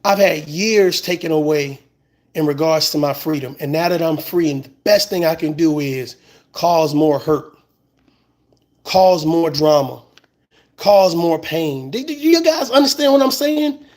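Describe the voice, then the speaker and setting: A man's voice: on the high side, animated, normal speed, a little mellow. A man in a fired-up, profane rant, repeating words when he gets heated. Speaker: commentator. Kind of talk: impassioned rant.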